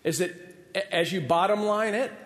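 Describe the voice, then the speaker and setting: A man's voice: high-pitched, moderate pace. A man in his forties, a pastor preaching a sermon, telling a personal story with humor and self-deprecating asides. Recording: echoey hall, long reverb.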